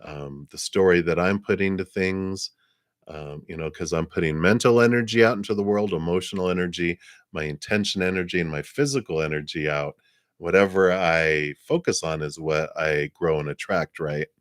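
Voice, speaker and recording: A man hosting a live psychic reading stream, talking in a rambling, gentle way with frequent laughs and fillers. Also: deep voice, moderate pace, no room sound, studio quality. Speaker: psychic reader.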